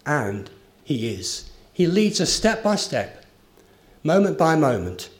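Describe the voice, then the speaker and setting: A man's voice: fairly high pitch, sing-song, slow. A man preaching a sermon, earnest and emphatic, with a story told along the way. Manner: earnest, rising emphasis on key phrases.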